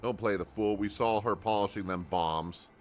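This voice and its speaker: A man's voice: on the low side, moderate pace, a little hiss or hum, voice pushed up, close to an everyday voice. A man voicing a brash, confrontational young bounty hunter. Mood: accusing.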